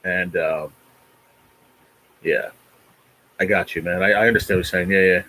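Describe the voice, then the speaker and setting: Husky low-voiced man in his forties. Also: steady tone, a little slow, pushed and bright, rough recording. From New Jersey. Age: 40s. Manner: rambling, profane, restless. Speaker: livestream host. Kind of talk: casual chat reading viewer comments.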